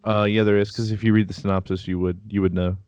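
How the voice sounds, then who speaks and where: A man's voice: lowish voice, level tone, fast, darkish tone, no room sound. A man co-hosting a casual anime chat, talking in a chatty, defensive way and laughing easily. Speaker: podcast co-host.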